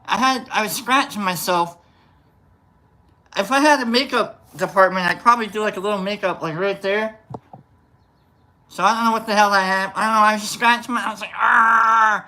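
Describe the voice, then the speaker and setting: A man's voice: high-pitched, fairly even intonation, a little fast, long pauses, sharp tone. A man hosting a casual morning livestream, greeting viewers one by one by name and rambling loosely. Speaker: livestream host.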